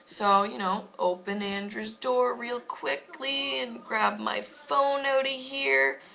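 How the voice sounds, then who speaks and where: Bright-voiced young woman telling a story. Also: on the high side, slow pace, creaky, rough recording. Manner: candid, emphatic, swears freely. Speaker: vlogger. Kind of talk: casual storytelling to camera.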